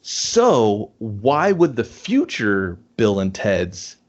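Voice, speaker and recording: A man's voice: fairly low pitch, huge pitch swings, very slow. A man co-hosting a casual movie review chat, rambling as he picks apart the plot's logic. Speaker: co-host. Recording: dull lo-fi audio.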